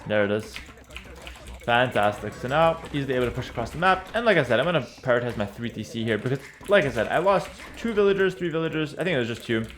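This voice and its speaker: A man casually commentating his own strategy game as he plays, relaxed and confident, often repeating and slurring his words. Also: medium pitch, quick pace, hardly any pauses, soft background music. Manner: stumbles, repeats and slurs words. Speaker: streamer playing a strategy game. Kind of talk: casual live gameplay commentary.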